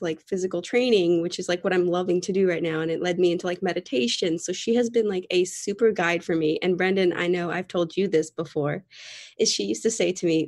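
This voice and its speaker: Chatty young mom sharing from the heart. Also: female voice, lowish voice. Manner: rambling, heartfelt, many fillers. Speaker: podcast guest. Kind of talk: casual sharing in a group call.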